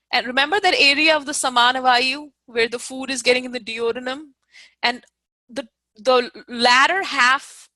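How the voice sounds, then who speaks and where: A woman's voice: sits high, pushed and bright, dry recording. A woman from India teaching an online lecture over a video call, explaining step by step, repeating key terms and checking that her students follow.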